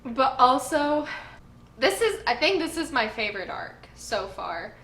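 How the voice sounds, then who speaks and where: Young woman, high bright voice, excited fan chatter, roomy echo, faint hiss. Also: measured pace. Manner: gushing, emotional fan. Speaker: anime review host. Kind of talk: casual review chat.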